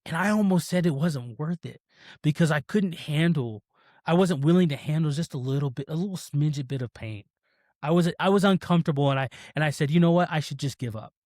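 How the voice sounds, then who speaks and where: Guy in his 30s on a podcast, acts out his own thoughts, preachy about faith, slightly high voice. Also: a little fast, darkish tone, dry recording, clean studio sound. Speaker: podcast host. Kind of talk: casual chat.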